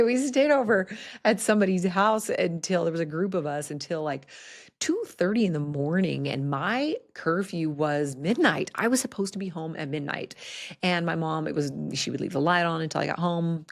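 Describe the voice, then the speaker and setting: A woman host telling a personal story on a podcast, candid and animated, with laughing asides. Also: low voice, gravelly.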